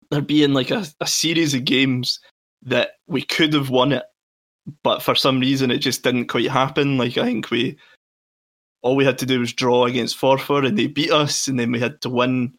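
A man's voice: medium pitch, a bit bright. A man hosts a fan podcast, eagerly reliving old matches as he asks. His questions wander casually before landing. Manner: enthusiastic, fan-like, rambling questions.

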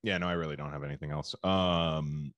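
A man's voice: rumbling low, fairly even intonation, a little fast, a bit bright, no room sound. A man co-hosting a casual podcast, laid-back and teasing. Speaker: podcast co-host. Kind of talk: casual chat.

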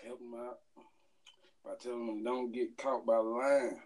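A man's voice: medium pitch, little pitch movement, measured pace, a little mellow. A man guesting on a podcast in casual chat, laid-back and reticent.

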